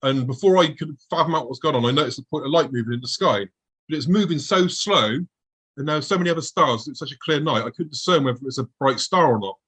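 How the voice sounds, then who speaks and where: A man's voice: medium pitch, fast, fairly bright tone, breathy edge, low-quality recording. A man, a guest on the show, vividly recounting a personal encounter and acting out his own past thoughts as he goes.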